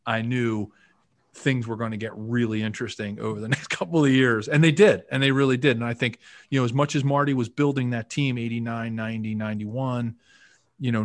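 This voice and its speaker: A man's voice: medium pitch, dry recording, clean studio sound. A man in his fifties from the Philadelphia area, a former pro football player telling rambling stories as a podcast guest, full of "you know" fillers. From Philadelphia area, USA. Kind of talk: casual storytelling interview.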